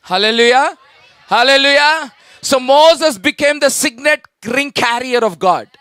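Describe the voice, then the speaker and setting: A man's voice: very high voice, a little slow, pushed and bright, smooth, no echo. A man with an Indian accent preaching a sermon as pastor, emphatic and full of rhetorical questions to the congregation, calling out hallelujah again and again. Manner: repeats hallelujah and calls out to the church.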